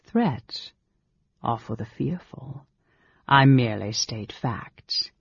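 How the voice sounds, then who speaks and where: An audiobook narrator, a man, voicing a calm, mocking male dark elf sorcerer who speaks in a dry, condescending way. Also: medium pitch, slow, creaky, breathy edge, no echo, full character voice. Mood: cool. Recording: dull lo-fi audiobook recording.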